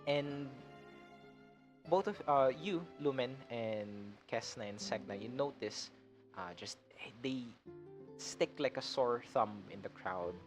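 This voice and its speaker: A man narrating a tabletop game as its game master, often stopping to search for words. His voice sits at a middling pitch, and guitar music plays clearly in the background. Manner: rambling, with many fillers and laughs.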